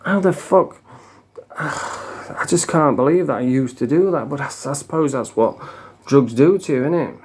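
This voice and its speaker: A man's voice: mid-range voice, normal speed, darkish tone, husky. A man, a former addict telling his story in a frank, casual monologue full of swearing. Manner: frank, swears a lot, plain-spoken.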